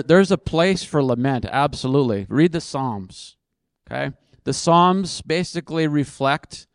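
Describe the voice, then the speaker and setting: A man at a conference Q&A who answers questions conversationally and pokes fun at his own answers. His voice is smooth and resonant, and it sits at a middle pitch. The sound is dry and close, with little room echo. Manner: conversational and self-deprecating. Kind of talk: conference Q&A, thinking aloud.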